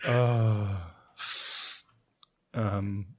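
A man's voice: lowish voice, level tone, drawn-out words, darkish tone. A man co-hosting a casual podcast, laughing often and swearing playfully as he teases his co-host.

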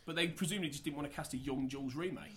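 A man's voice: fairly high pitch, racing, fairly bright tone. A man co-hosting a film podcast, talking emphatically in casual chat. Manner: emphatic, repeats himself when worked up.

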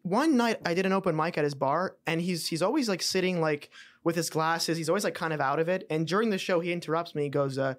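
Man, comedian from canada, casual podcast chat, a bit high voice, swears a lot. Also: quick pace. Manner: swearing, storytelling, laughing often. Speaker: guest comedian.

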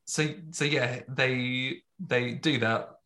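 A man casually recapping a film with friends, jokey, slipping into quick voices for the characters. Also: medium pitch, steady tone, sharp tone. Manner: jokey, acts out lines in quick put-on voices. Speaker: podcast co-host recapping a film. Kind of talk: casual chat.

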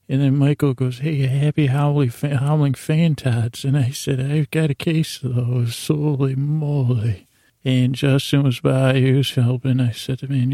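Gravelly, flat-voiced man telling a drowsy story. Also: dry recording. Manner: low-key, drowsy, meandering. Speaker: podcast host. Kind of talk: rambling bedtime story.

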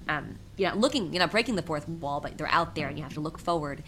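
Bright, husky-voiced woman chatting animatedly. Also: fairly low pitch, fast talker, hardly any pauses, a little hiss or hum. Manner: animated, chatty, laughs often. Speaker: guest, impressionist and singer. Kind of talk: casual interview chat.

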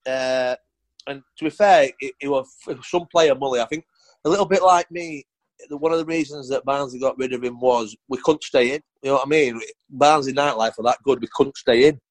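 A man's voice: mid-range voice, fairly quick, dry recording, rough recording. A middle-aged man, a former footballer telling blunt, sweary stories in a casual interview. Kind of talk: casual anecdotal storytelling.

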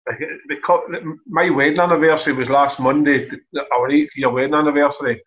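A man's voice: fairly high pitch, steady tone, brisk. A Scottish man in his thirties, a podcast co-host, chatting casually and laughing easily. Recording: dull lo-fi remote line.

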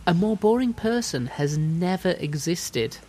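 A man's voice: sits high, lively intonation, measured pace, mellow, husky. Chatty man telling a story. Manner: storytelling, dry jokes, puts on silly voices. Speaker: podcast host. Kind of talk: casual podcast chat.

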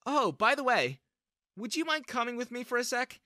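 A man putting on a sweet, high young woman. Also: big pitch swings, normal speed, bright, forceful tone, no room sound, clean studio sound, full character voice. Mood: coaxing. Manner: polite, coaxing.

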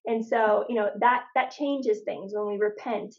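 A woman from Phoenix, Arizona, a guest telling her story in a casual faith podcast conversation, animated and full of "like" and restarts. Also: medium pitch, measured pace, muffled recording.

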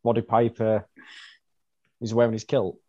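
A man's voice: fairly low pitch, level tone, moderate pace, a little mellow, muffled recording. A man co-hosting a casual wrestling podcast chat, making dry, wry remarks. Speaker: podcast co-host.

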